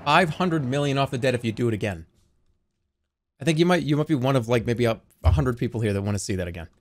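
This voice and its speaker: A man in his thirties streaming a game live, talking in an animated, rambling and profane way. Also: mid-range voice, quick pace, slight background noise. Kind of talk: live gameplay commentary.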